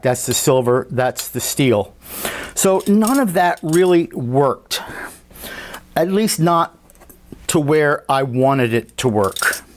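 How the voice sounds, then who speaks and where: A man talking casually about his scale model at a home workbench, unhurried and thinking aloud with fillers and restarts. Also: fairly high pitch. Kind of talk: casual hobby workshop walkthrough.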